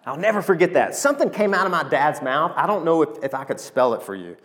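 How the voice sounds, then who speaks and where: A man, preaching a sermon and telling stories with animated, emotional delivery. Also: on the high side, fast. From Arkansas, USA. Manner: animated storytelling preacher, emotional, calls to the congregation. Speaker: pastor.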